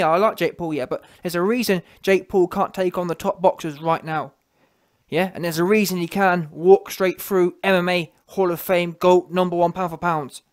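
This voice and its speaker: A man giving a sarcastic, punchy sports commentary rant, full of tag questions. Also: high voice. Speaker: vlogger commentator.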